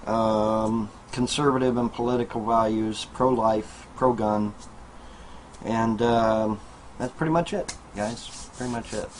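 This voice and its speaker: A man with a drawl and a lowish voice rambles to his webcam from a small trailer at home. He repeats himself and leans on fillers and asides to viewers. A faint hiss sits under the recording. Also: fairly even intonation, a little slow, poor audio. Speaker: video blogger. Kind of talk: casual monologue to camera.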